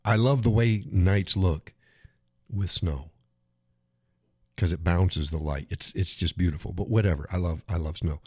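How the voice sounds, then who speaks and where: A middle-aged man with a very low voice talks casually to his live stream audience. He rambles, restarts phrases and chuckles often. The sound is dry and close, with no room echo. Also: measured pace, pauses often, darkish tone, slightly rough. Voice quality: chuckles often while talking. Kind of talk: casual solo chat.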